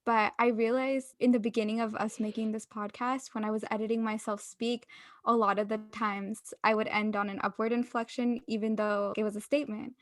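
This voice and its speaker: A woman's voice: fairly high pitch, little pitch movement, fairly quick, no echo, studio quality. A young adult woman co-hosting a casual podcast chat, explaining tips in an upbeat way and laughing often. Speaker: podcast co-host.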